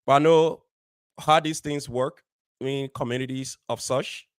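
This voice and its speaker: A man's voice: medium pitch, fairly even intonation, unhurried, smooth, dry recording. A man hosting a community show, speaking straight to his audience with firm emphasis and repeating key phrases. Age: adult, married. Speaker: radio show host. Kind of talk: direct address on a community show.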